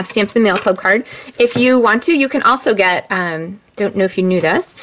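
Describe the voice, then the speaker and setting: A woman demonstrating a card-making craft step by step, chatty and relaxed, with frequent ums. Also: medium pitch, a little hiss or hum. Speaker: stamping demonstrator. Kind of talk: casual craft tutorial.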